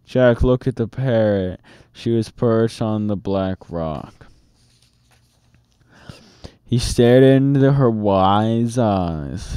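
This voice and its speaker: A man reading a children's book aloud in a steady, expressive storytelling manner, close to the mic. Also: fairly low pitch, clear, resonant tone, no echo. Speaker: storybook reader.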